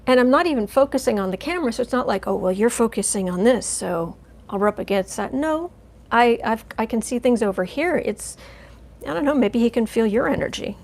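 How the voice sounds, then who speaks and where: Woman, fairly high pitch, gravelly, rambling, casual live-stream talk. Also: lively intonation, brisk. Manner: chatty, rambling, coos softly to her cat. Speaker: tarot reader, channel host.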